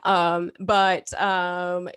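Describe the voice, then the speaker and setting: A woman's voice: fairly low pitch, flat delivery, drawn-out words, fairly bright tone, clean tone. A woman hosting a live online quiz show over a video call, casual and chatty, laughing often and swearing freely. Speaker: game show host.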